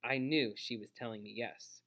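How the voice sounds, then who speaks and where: Bright, steady male storyteller for children's book read-alouds. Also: medium pitch, moderate pace. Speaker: storyteller on his own channel.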